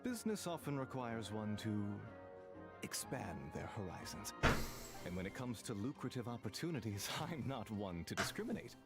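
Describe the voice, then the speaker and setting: An actor voicing a scheming wealthy male game villain, smug and mocking as he makes a business pitch. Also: big pitch swings, moderate pace, long pauses, soft background music. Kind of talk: game character dialogue.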